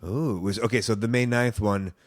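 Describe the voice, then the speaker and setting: A man's voice: lowish voice, fairly even intonation, a little fast. A man hosting a podcast, chatting casually with a guest, laughing often and rambling through loose restarts. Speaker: podcast host.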